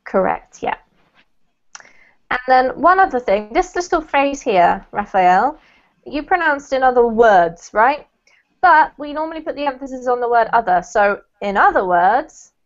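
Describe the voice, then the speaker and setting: A woman's voice: sits high, lively intonation, measured pace. A woman teaching an online English class, patient and encouraging, laughing easily as she corrects pronunciation. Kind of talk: online group English lesson. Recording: lo-fi online call audio.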